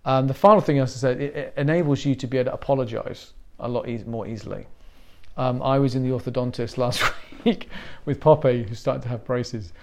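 A man's voice: mid-range voice, fairly quick, darkish tone. A middle-aged Englishman giving a conversational sermon as a pastor, telling stories with self-deprecating humor.

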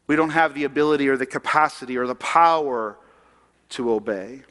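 With a brisk delivery and a fairly bright, medium-pitched voice, a pastor talks through his sermon in a conversational style, questioning the congregation as a long reverb tail trails his words.

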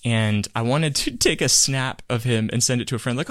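A man's voice: mid-range voice, fairly quick, no echo. Guy cohosting a chatty podcast, acts out what people said, dry close sound. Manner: animated storytelling, acts out quotes. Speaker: podcast co-host. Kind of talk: casual chat.

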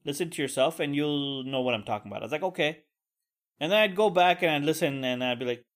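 A young man hosts his own solo podcast, venting in a rambling, profane way full of crude asides. His voice sits slightly higher than most men's. He talks casually, as if to friends. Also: expressive, a little fast, a bit bright. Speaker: podcast host.

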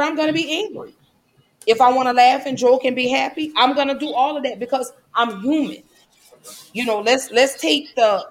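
A mother giving impassioned, preachy commentary in a casual, colloquial way. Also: medium pitch. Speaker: vlogger and mother.

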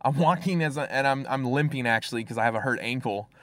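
Here a young Fresno, California man guests as a storyteller, recounting something personal in a loose, rambling way packed with fillers and false starts. He talks quickly at a medium pitch, with a fairly bright tone and no echo.

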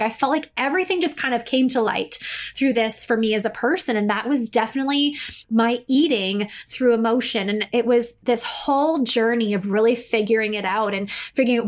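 A middle-aged woman talks through her solo podcast in a casual, confessional flow, laughing easily between thoughts. Her voice sits a little high for a woman. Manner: chatty, confessional, laughs often. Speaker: podcast host.

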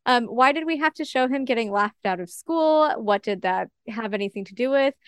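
A woman's voice: a little high, expressive, fairly quick, smooth, no echo, studio quality. A woman co-hosting a podcast, exasperated and swearing as she rattles off complaints about a film in casual chat. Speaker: podcast co-host.

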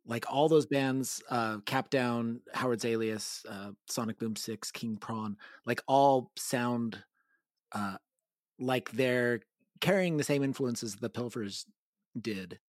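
A man's voice: medium pitch, slow pace, no echo, clean studio sound. A man co-hosting a casual interview, thoughtful and hesitant as he makes a point.

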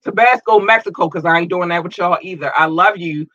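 A man hosting a podcast, reading out listener shout-outs in a casual, upbeat way and tripping over place names. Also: sits high, brisk, no room sound, muffled recording. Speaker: podcast host.

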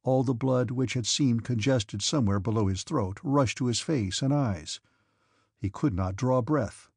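A man reading a classic novel aloud as an audiobook narrator, in a measured, steady way. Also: mid-range voice, vocal fry, husky, no room sound, clean studio sound. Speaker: audiobook reader. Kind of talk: scripted narration.

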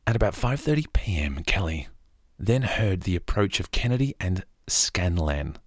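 An Australian man narrating a story in a calm, soft-spoken way for a podcast, with casual asides. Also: low-pitched, normal speed, dry recording, studio quality.

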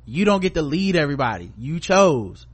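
A man's voice: a little high, very animated, brisk. A man co-hosting a podcast in casual chat, giving blunt, profane, opinionated commentary. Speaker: podcast co-host.

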